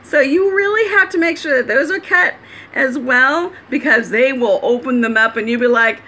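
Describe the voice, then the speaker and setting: A talkative woman with a somewhat high voice explains, step by step, how to hold her pet bird. She laughs often and keeps the tone casual and homey. It sounds like an everyday home video. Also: normal speed, pushed and bright, a little hiss or hum. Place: at home indoors.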